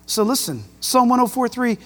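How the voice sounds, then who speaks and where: A man preaching a sermon as pastor, emphatic and excitable, with jokes and rhetorical questions. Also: extremely high pitch, normal speed. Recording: long hall reverb.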